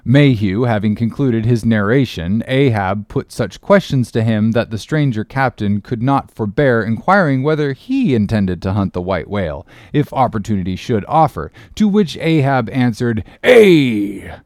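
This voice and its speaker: Expressive male audiobook narrator. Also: mid-range voice, no echo, studio quality. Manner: measured, expressive storytelling. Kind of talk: audiobook reading of a classic novel.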